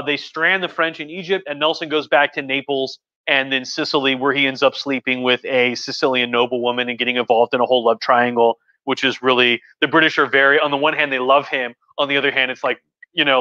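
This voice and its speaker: A man's voice: medium pitch, fairly even intonation, fast, bright, forceful tone, highs cut off. A man hosting a casual livestream history talk as a professor, rambling enthusiastically with many restarts. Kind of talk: casual lecture on a live stream.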